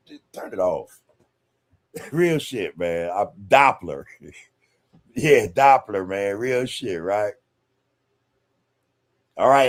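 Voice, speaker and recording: A man hosting a casual livestream podcast and reading viewer comments. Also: medium pitch. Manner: laid-back, laughs often, says "man" a lot. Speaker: podcast host reading live chat.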